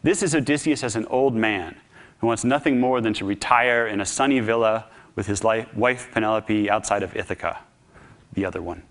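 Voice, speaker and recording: A man giving a public talk, telling a story in an animated, humorous, conversational way. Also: fairly low pitch, a little fast. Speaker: speaker.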